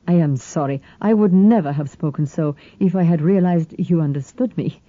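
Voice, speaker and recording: Woman reading as a smooth Greek man in his forties. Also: on the low side, moderate pace, no room sound, narrow, tinny audio, close to an everyday voice. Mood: genial. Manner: smooth and ingratiating. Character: burly genial Greek man, late forties, wary.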